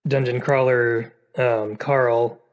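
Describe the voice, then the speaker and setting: This podcast co-host talks at a slow pace with a level tone and medium pitch. His casual chat is jokey and meandering, studded with fillers and restarts.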